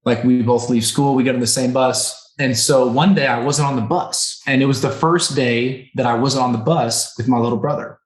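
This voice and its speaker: A man in his thirties speaks as a podcast guest, earnest and emotional as he recounts his own past. He keeps checking in with his listener with little "right?" and "okay?" tags. His voice sits at an ordinary middle pitch and rings a little in a roomy space. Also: steady tone, moderate pace, few pauses. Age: 30s. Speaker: podcast guest, recovery center co-owner. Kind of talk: personal storytelling in a conversation. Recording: roomy echo on the voice.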